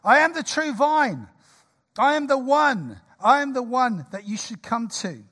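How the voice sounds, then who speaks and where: A man's voice: extremely high pitch, expressive, unhurried, sharp tone, in a large hall, voice pushed up, heavily acted. A man in his sixties voicing Jesus as a rustic farmer, in a put-on West Country accent, drawling and emphatic. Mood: proclaiming.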